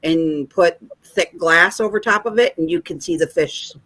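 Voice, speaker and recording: Low-voiced, giggly woman from Michigan. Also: normal speed, a bit bright. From Michigan, United States. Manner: enthusiastic, giggly. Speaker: guest. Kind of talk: casual chat.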